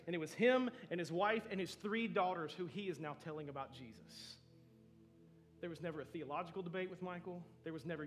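A man's voice: high-pitched, fairly bright tone. A man in his thirties preaching a sermon as pastor, earnest and storytelling, often saying "man".

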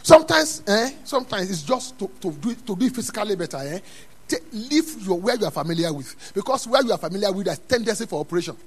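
A man preaching a sermon in a church, dropping to quiet asides and then rising to loud, emphatic calls. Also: sits high, very animated, quick pace, breathy edge. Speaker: pastor.

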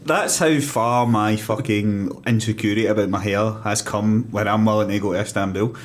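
A man's voice: on the low side, fairly even intonation, moderate pace. A young Scottish man co-hosting a podcast, joking about himself and swearing casually. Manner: laughing, self-deprecating, sweary. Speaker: podcast co-host. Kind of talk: casual banter.

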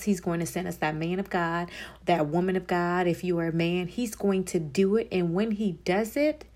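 A woman with a slightly low voice hosts a faith podcast, talking straight to her listeners. She preaches in a chatty, familiar way, calling them "y'all" and "child" as she encourages them. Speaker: podcast host. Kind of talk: faith-based encouragement talk.

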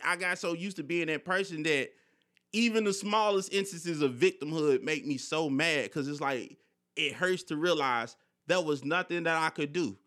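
A man's voice: a little high, pushed and bright. A young man hosting a podcast, telling personal stories candidly in casual slang with frequent swearing. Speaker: podcast host. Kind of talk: casual conversation.

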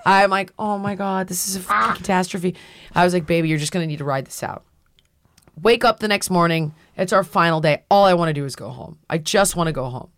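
A woman's voice: lowish voice, quick pace, smooth, no echo. A middle-aged woman hosting a podcast, telling a story in casual chat and acting out what people said. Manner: animated storyteller, acts out quotes. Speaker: podcast host.

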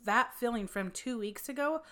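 A woman's voice: on the high side, moderate pace, sharp tone. A young adult woman co-hosting a casual chat podcast, blunt and swearing freely, retelling stories with quoted voices. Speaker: podcast co-host.

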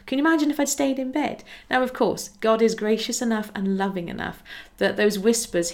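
A woman hosts a casual devotional podcast, speaking earnestly and encouragingly. Her voice is medium in pitch and creaky, and she acts out small conversations as she talks.

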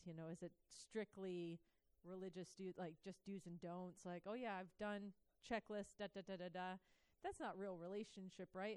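A woman tells her congregation about a hard week and a prayer, talking in an earnest, casual way full of "like" and "you know." Her voice is smooth and clear. The sound is dry and close, with no room around it. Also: mid-range voice, darkish tone, no echo, low-quality recording. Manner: conversational, earnest, many fillers like "like" and "you know". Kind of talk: personal testimony sermon.

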